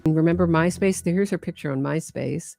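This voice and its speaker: Low, gravelly-voiced woman, pointed and measured. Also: a little mellow, faint music behind. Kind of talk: critical commentary on a case.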